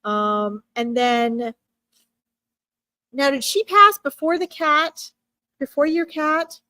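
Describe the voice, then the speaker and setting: A woman giving a heartfelt animal reading on a live stream, her voice sitting a little high. She speaks gently and emotionally, halting often and restarting her sentences. The sound is dry and close, with no room echo. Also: fairly even intonation.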